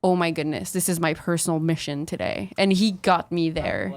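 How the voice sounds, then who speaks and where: A woman guest chats casually on a podcast, adding short remarks to a shared story. Her voice sits low for a woman, and the sound is dry and close. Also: big pitch swings, normal speed, no echo. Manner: chimes in with short additions to the story. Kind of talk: casual chat.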